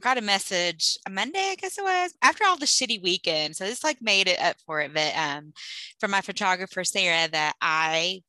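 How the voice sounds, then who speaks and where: A woman co-hosting a podcast, chatting casually in an expressive, excitable way. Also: on the low side, normal speed, dry recording. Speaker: podcast co-host. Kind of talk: casual chat.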